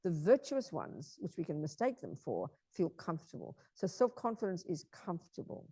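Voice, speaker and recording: A woman's voice: fairly low pitch, sing-song, moderate pace, mellow, slightly rough, no room sound. Emphatic woman giving a Buddhist teaching. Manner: emphatic, repeats key phrases, checks understanding with questions.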